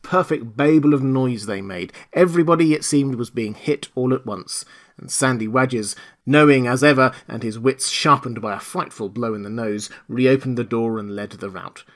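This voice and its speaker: A male audiobook narrator with a mid-range voice, telling the story in a dramatic, expressive way. Scripted narration, read steadily. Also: mid-range voice, moderate pace.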